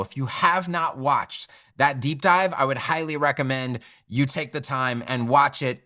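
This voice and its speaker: A man's voice: mid-range voice, pushed and bright. A man teaching a web design tutorial while sharing his screen. He is upbeat and direct, often checks in with "okay?", and his voice is still affected by a recent illness.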